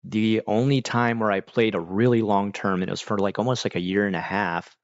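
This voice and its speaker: Middle-aged male streamer, low gravelly voice, laid-back rambling chatter, dull dry mic. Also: steady tone, brisk, dry recording. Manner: rambling, laid-back, heavy use of "like" and "dude". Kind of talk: casual chat with live viewers.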